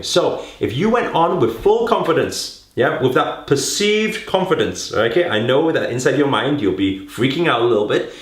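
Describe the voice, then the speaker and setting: Animated man coaching, echoey room. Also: medium pitch. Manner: coaxing, fills talk with rhetorical questions and "right?". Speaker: public speaking coach. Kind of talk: direct-to-camera teaching.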